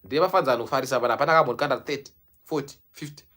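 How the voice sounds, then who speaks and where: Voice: mid-range voice, racing, a bit bright, a little hiss or hum. A young adult Zimbabwean YouTuber whose first language is Shona, talking in a casual vlog and switching between English and Shona mid-sentence. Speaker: YouTuber celebrating a subscriber milestone.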